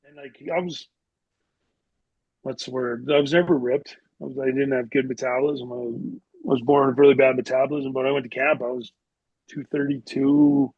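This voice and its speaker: A man's voice: medium pitch, fairly even intonation, normal speed, breathy edge, no echo, narrow, tinny audio. A middle-aged man from Canada, a retired hockey player, telling rambling stories as a podcast guest, full of "like" and restarts. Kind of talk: casual storytelling interview.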